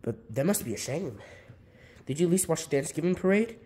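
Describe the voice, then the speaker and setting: A man's voice: on the high side, animated, a little fast, warm tone, slightly rough. A man doing a hesitant, questioning bear. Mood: curious. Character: curious male animatronic bear friend.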